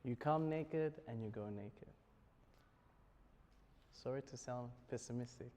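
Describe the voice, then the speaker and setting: An Australian man speaks to students in a university lecture hall at a middle pitch, with a long reverb trailing behind his voice. He keeps it light and jokey and chuckles between points. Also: takes it slowly, dark tone. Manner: joking, chuckles often. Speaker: spiritual speaker.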